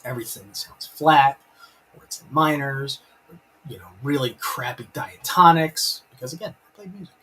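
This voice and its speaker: A man's voice: medium pitch, moderate pace, pushed and bright, husky, low-quality recording. Enthusiastic rambling male stream host. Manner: enthusiastic, rambling, reads out chat comments. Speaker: live-stream host reviewing a TV episode. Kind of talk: casual live-stream chat.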